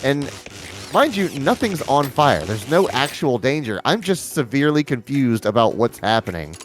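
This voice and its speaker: A man's voice: mid-range voice, sing-song, moderate pace, faint music behind. A man co-hosting a livestream, retelling a story in a flustered, stumbling way. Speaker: livestream co-host. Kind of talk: casual storytelling chat.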